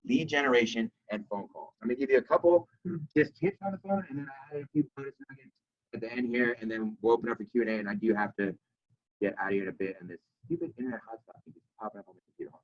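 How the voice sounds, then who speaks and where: A young man giving an energetic motivational talk to a group of sales reps, telling stories and acting out dialogue. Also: medium pitch, fast talker, muffled recording. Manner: energetic storytelling with reenacted dialogue.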